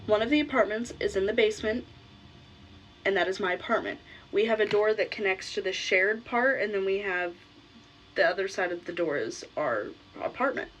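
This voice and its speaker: A woman's voice: mid-range voice, normal speed, fairly bright tone, slight background noise, rough recording. Blunt young woman telling a story. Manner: blunt, swears casually. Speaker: vlogger. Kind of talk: casual storytelling.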